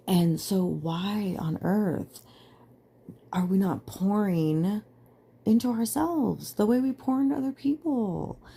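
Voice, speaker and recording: A woman's voice: medium pitch, gravelly, mellow, breathy edge. A young adult woman hosting a podcast, talking in an earnest, emphatic monologue full of "like" fillers. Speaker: podcast host. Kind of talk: casual personal monologue.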